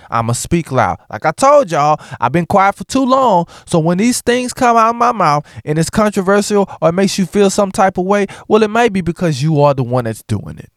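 A man's voice: high voice, no echo, studio quality. A man talking casually and outspokenly to the camera, mixing jokes with blunt opinions. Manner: animated, joking, outspoken. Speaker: vlogger.

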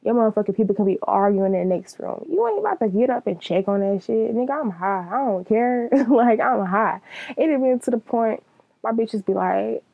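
A woman's voice: fairly high pitch, expressive, normal speed, creaky, no echo, narrow, tinny audio. A young woman giving a blunt, profane, casual monologue, laughing often.

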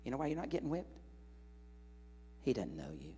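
A man preaching a sermon in a large church hall, an animated, joking storyteller speaking into a stage microphone. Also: mid-range voice, brisk, a little hiss or hum.

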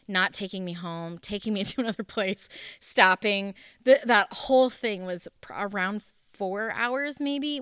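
A woman's voice: mid-range voice, a bit bright, clear, resonant tone, no room sound, clean studio sound. A woman leading a small group, telling a personal story in an earnest, candid, conversational way.

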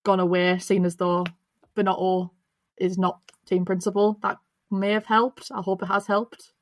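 A woman's voice: medium pitch, level tone, normal speed. A woman co-hosting a podcast, chatty and agreeable, often giggling along. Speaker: podcast co-host. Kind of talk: casual chat.

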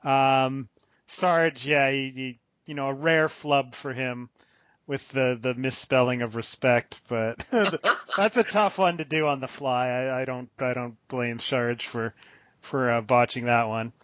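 A man speaks at an even, unhurried pace in casual podcast chat. His tone is measured and informative. The sound is dry and close, a little dull. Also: medium pitch, no echo. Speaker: podcast co-host.

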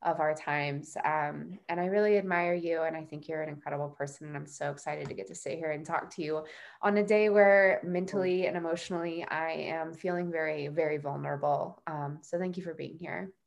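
A woman's voice: low-pitched, steady tone, a little fast, gravelly. A woman hosting a podcast in a casual, chatty way, full of fillers and self-deprecating laughs. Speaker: podcast host.

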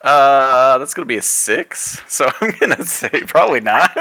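A man playing in a tabletop game, relaxed and joking. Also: medium pitch, moderate pace, a little hiss or hum. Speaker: player. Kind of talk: casual tabletop play.

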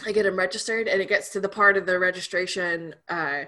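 A woman's voice: lowish voice, brisk, pushed and bright. A young woman pastor chatting candidly on a podcast, laughing often and trailing off with fillers. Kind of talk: casual podcast chat.

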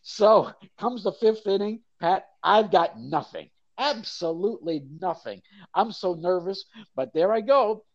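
Older male guest, animated raconteur, very lively pitch, dry lo-fi sound. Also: a little slow, no echo. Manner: animated storyteller, acts out crowd voices. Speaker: guest, mascot performer. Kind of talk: storytelling interview.

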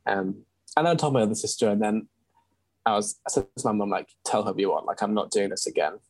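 As an interview guest, an English young man with a low, faintly husky voice tells a personal story candidly and in earnest, with ums and false starts. He speaks at a quick pace. The audio is close and dry with no echo or room sound, though rough in quality.

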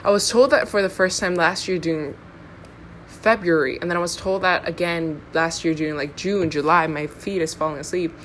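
A young woman from Honduras hosts a casual solo podcast, wandering from thought to thought with plenty of fillers and jokes at her own expense. Her voice sits on the low side, and a faint background hum sits under the recording. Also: steady tone, moderate pace. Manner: rambling, filler-heavy, self-deprecating. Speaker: podcast host.

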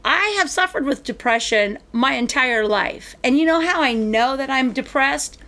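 A woman's voice: high voice, expressive, moderate pace, bright, forceful tone. A middle-aged woman in casual chat, ranting animatedly as she tells a story and acts out both sides of the exchanges.

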